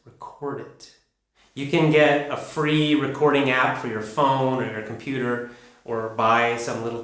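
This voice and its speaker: A man teaching English pronunciation, explaining practice steps in an energetic, emphatic, repetitive coaching manner. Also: fairly high pitch. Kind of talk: instructional explanation. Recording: very echoey room.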